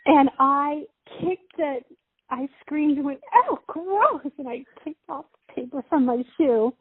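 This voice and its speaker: Middle-aged mom, fairly high voice, rambling storyteller, dry close sound. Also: female voice, steady tone, dry recording. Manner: rambling, halting, many fillers and restarts. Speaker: mother telling a story. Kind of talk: casual personal storytelling. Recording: tinny phone-like sound, dry.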